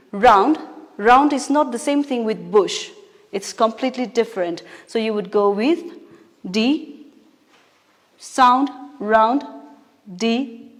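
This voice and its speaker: A woman's voice: medium pitch, a little mellow. A woman teacher giving a patient poetry lesson, explaining step by step and correcting herself as she goes. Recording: long reverb.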